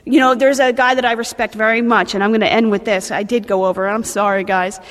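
A woman's voice: fairly high pitch, steady tone, fast, big-room sound. A woman in her thirties with a New Jersey accent, speaking bluntly and animatedly at a recovery meeting, swearing and restarting her sentences. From New Jersey, USA. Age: 30s.

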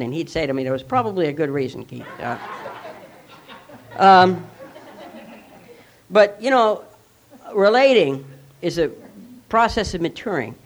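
Man, personal storytelling talk, candid, self-mocking, rambling, lots of fillers and restarts. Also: a little high. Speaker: speaker sharing a recovery story.

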